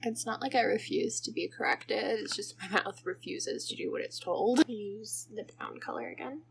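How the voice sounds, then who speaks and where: A woman's voice: medium pitch, moderate pace, creaky, background noise. A young woman chatting through a makeup tutorial, rambling off topic and giggling as she goes. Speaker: makeup vlogger. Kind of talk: casual makeup tutorial chat.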